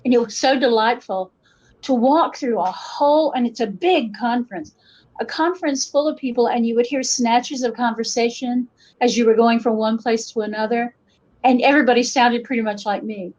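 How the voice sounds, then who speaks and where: A folklorist from western North Carolina, speaking with an Appalachian accent, is a guest in a casual interview, telling stories with animated asides and voiced quotes. Her voice is on the high side at normal speed, captured on a dull lo-fi podcast recording.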